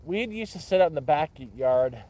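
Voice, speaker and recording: A man's voice: on the high side, lively intonation, normal speed, mellow. A man rambling in a casual, repetitive chat by a campfire, with restarts and swearing. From Canada. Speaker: vlogger. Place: outdoors by a campfire.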